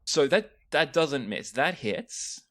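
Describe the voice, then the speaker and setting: Man, game master, tabletop narration, lively swooping pitch, energetic. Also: slow. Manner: lively, animated narration with frequent restarts.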